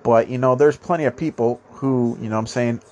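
Heard on dull audio, a man's mid-range, somewhat nasal voice stays steady and a little mellow while moving fairly fast. He's hosting his own podcast, rambling on, cursing frequently and restarting what he says.

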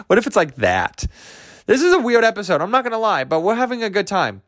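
A man's voice: sits high, huge pitch swings, brisk, a bit bright, dry recording, studio quality. A young man hosting a solo podcast, rambling in a goofy, self-amused way and laughing at his own jokes. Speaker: podcast host.

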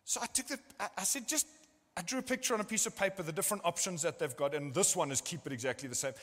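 A man's voice: sits high, fast, fairly bright tone, long reverb tail. A male pastor preaching a sermon at a church service, telling stories earnestly and acting out what people said.

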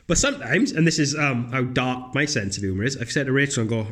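A man's voice: mid-range voice, animated, fast, few pauses, a bit bright. A young man hosting his own podcast, talking alone and casually in a blunt, sweary way, now and then putting on sarcastic voices. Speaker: podcast host. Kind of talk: casual solo podcast monologue.

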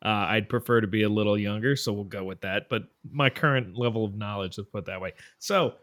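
A man's voice: on the low side, a little fast, fairly bright tone. A man on a casual podcast, rambling through a thoughtful answer with jokes. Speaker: podcast co-host.

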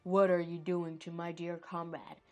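A woman voicing a fiery, brash male anime fighter with shouty, panting lines. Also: lowish voice, level tone, measured pace, soft background music, lightly acted.

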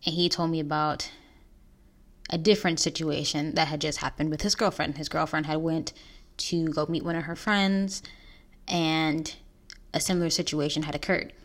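A young woman hosting a podcast, telling a painful personal story in an earnest, halting way with restarts. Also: low voice, steady tone. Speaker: podcast host.

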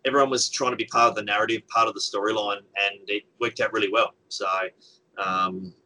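A man's voice: on the low side, fairly even intonation, fairly quick, pushed and bright, low-quality recording. A man chatting casually as a guest game organizer, rambling with many fillers and restarts. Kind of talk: casual chat.

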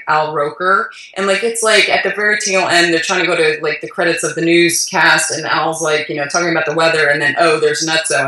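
A woman, the founder of a food company, telling a lively story in a conversational interview, acting out voices and using lots of "like" fillers, recorded in her office. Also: low-pitched. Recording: echoey room, voice far from mic.

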